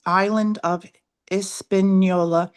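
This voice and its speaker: A woman's voice: mid-range voice, steady tone, slow pace. A woman reading a text aloud in a live online session, stumbling over names.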